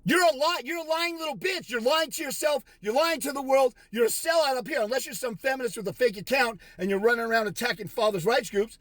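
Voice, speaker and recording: A man ranting aggressively and insulting a viewer, with shouted bursts. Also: extremely high pitch, quick pace, hardly any pauses, no echo. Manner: mocking put-on quotes of others. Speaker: fathers' rights consultant. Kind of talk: angry profane rant to camera.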